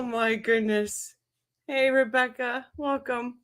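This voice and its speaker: A woman's voice: a little high, steady tone, slow pace, pauses often, fairly bright tone, clear, resonant tone. A woman hosting a casual livestream, laughing helplessly and greeting viewers in the chat. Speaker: livestream host.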